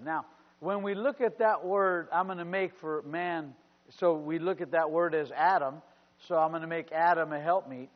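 A man's voice: fairly high pitch, normal speed, big-room sound. A man preaching a sermon as pastor, calling out to his congregation. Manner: preaching with call-outs to the congregation. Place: church. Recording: dull lo-fi sermon recording.

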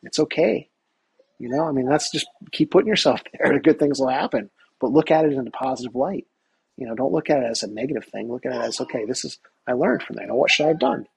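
Energetic gravelly-voiced man, husky. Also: medium pitch, poor audio. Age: middle-aged. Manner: energetic, talks in quick bursts. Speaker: guest, touring golf professional. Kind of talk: casual interview storytelling.

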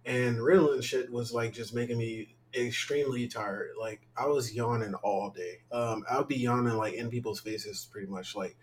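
A man's voice: mid-range voice, normal speed, few pauses, a little hiss or hum, rough recording. A young man co-hosting a casual podcast, sounding tired as he rambles candidly, with lots of fillers. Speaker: podcast co-host.

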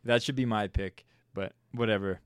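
A man's voice: fairly low pitch, steady tone, moderate pace, clear, resonant tone, no echo, studio quality. A man from Saskatchewan, Canada, hosting a podcast with playful, teasing banter. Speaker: podcast host. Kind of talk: casual chat.

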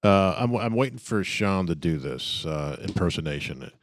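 A man's voice: low voice, expressive, moderate pace. A man co-hosting a casual podcast chat, hesitant, thinking aloud and offering facts. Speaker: podcast co-host.

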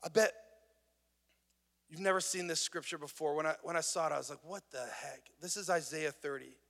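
A pastor speaks in a slightly higher man's voice, preaching in a conversational, earnest way that builds in intensity. His words ring out with the long reverb of a large hall. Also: brisk, gravelly, a bit bright. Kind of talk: sermon. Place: worship venue.

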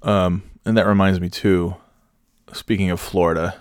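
A man's voice: low voice, level tone, normal speed, clear, resonant tone, no room sound, clean studio sound. A man telling a rambling comic story about himself, self-mocking and swearing freely. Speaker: comedian storyteller.

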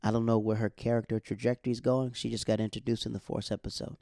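A man's voice: lowish voice, fast, creaky, no echo. Chatty man recapping a TV episode. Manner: animated, chatty, colloquial, laughs often. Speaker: TV show recap vlogger.

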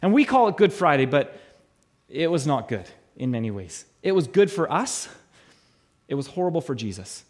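Emphatic high-voiced man preaching. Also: very animated, moderate pace, darkish tone. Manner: emphatic, repeats key phrases, voice swells and drops low for weight; frequent restarts and stammered repeats. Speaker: pastor. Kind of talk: sermon.

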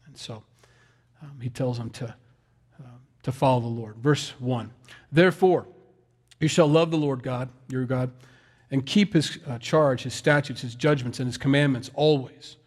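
A man's voice: mid-range voice, normal speed, long pauses, darkish tone. Folksy man preaching a sermon. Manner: conversational, folksy, self-deprecating asides. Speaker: pastor.

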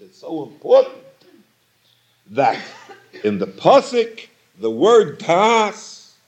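A man's voice: on the high side, darkish tone. A man teaching a Torah lecture, posing questions and repeating phrases for emphasis. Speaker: rabbi teaching Talmud.

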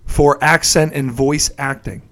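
A man co-hosting a podcast, telling film trivia in a relaxed, chatty way with fillers. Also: medium pitch, unhurried. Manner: chatty storyteller, many fillers and laughs. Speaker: podcast co-host.

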